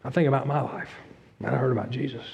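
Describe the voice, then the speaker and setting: A middle-aged man preaching a sermon as pastor, earnest, dropping to a hush and rising again. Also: mid-range voice, fairly even intonation, fast talker, gravelly. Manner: earnest, swings from loud to hushed. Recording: dull lo-fi sound.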